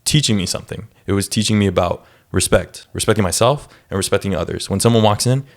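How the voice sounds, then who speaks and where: A young man hosting a podcast interview, talking in a relaxed, loose way with many fillers. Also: on the low side, fast talker. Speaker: podcast host and former student. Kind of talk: casual interview chat.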